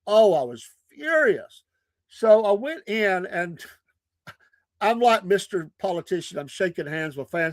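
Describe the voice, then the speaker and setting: A man, a podcast host and preacher, telling stories in a casual, animated way, often breaking into laughter. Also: sits high, a little slow, no echo. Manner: animated, laughing often, acting out quoted people.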